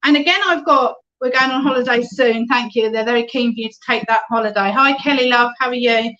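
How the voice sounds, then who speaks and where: A fairly high-voiced woman leads an online spiritualist reading as the medium. She talks in a warm chatty flow and keeps checking in with "okay?". The sound is dull and lo-fi, like a home web stream. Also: fairly quick. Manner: chatty, reads out viewer comments, often adds "okay?".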